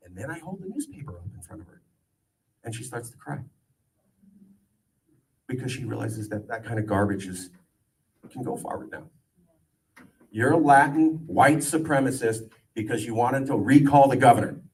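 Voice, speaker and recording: A man in his forties from California giving an animated, joking political speech to a crowd, with a sarcastic edge. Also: medium pitch, moderate pace, long pauses. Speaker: political campaigner speaking to a crowd. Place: event gathering. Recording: voice distant from the mic.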